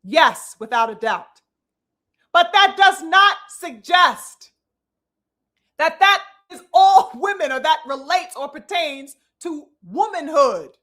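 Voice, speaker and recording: A commentary host with a high, bright, ringing voice delivers a heated live commentary, animated but slow. She lectures like a preacher, emphatically stressing long words, swearing freely, and addressing her audience as "brothers and sisters."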